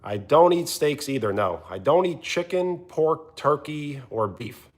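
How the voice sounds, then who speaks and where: A man live streaming, chatting casually and answering viewers' comments in an animated, teasing way. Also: unhurried. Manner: animated, teasing, often jumping higher in pitch.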